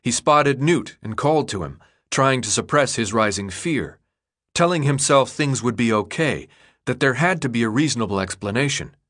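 A man narrating an audiobook in a steady, even storytelling voice. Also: medium pitch, moderate pace. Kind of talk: scripted narration.

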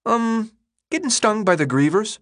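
Man putting on a high-voiced chubby boy. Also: sing-song, a bit bright, heavily acted. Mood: reassuring. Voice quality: high childish pitch. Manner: blunt, cheeky, quick-talking. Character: chubby talkative boy of twelve.

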